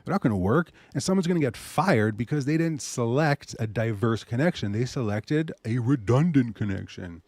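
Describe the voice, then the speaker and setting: A man hosting a show, pitching his service in a loose, animated way and muttering asides to himself. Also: normal speed, few pauses, dry recording. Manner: animated salesy pitch, mutters asides while browsing pictures. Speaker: host. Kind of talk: casual promotional talk.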